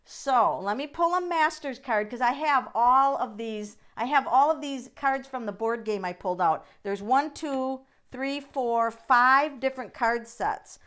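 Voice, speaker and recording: A middle-aged woman runs a casual live tarot reading, her voice sitting a little high. She talks in a chatty, encouraging way and speaks to her viewers by name. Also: a little slow, hardly any pauses, fairly bright tone, smooth. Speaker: tarot reader and livestream host.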